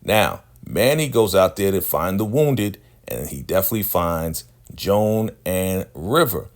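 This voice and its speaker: A man's voice: low voice, a little slow. Slangy man recapping a TV episode. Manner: slangy, animated, keeps asking "right?". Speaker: show recap host. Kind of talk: casual TV recap.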